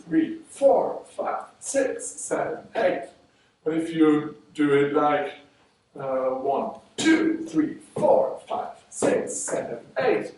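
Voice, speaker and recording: A man's voice: a little high, recorded from a distance. Man counting dance steps in an echoey room. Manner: counts beats aloud while demonstrating steps. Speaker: dance teacher. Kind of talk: online dance lesson. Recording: roomy echo, speaking from away from the mic.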